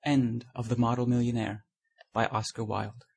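Give me a man narrating an audiobook with a gravelly, husky voice. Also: medium pitch, level tone, normal speed. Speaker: audiobook reader. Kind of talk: storybook narration.

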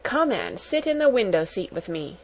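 Woman doing a steady, kind young girl. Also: medium pitch, normal speed, rough recording. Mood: coaxing. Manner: steady, coaxing.

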